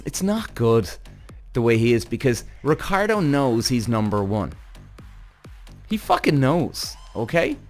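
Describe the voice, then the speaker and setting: A man hosting a podcast, giving casual, rambling commentary on a TV series, animated and swearing often. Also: medium pitch. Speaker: podcast host.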